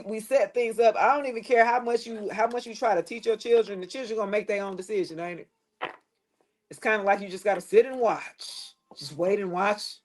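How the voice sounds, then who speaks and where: A middle-aged woman with a drawl, chatting casually on a live stream. She rambles from one thought to the next, speaks with blunt emphasis and drops a curse here and there, always addressing her viewers directly. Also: medium pitch. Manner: talks straight to viewers.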